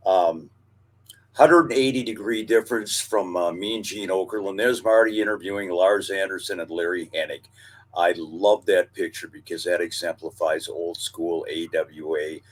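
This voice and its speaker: Husky guy on a podcast, lowish voice, chatting through old wrestling stories. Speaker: podcast co-host, wrestling historian. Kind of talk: casual chat.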